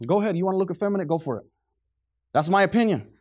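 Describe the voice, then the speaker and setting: A man's voice: sits high, animated, very fast, a little mellow. A middle-aged man preaching a sermon to a congregation, fervent and preachy, sometimes losing his train of thought.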